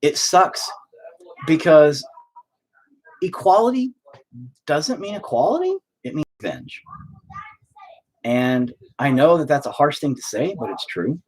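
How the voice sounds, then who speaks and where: A man's voice: on the high side, animated, measured pace, pauses often, a little mellow. A man chatting at home while painting, rambling through a profane, opinionated rant.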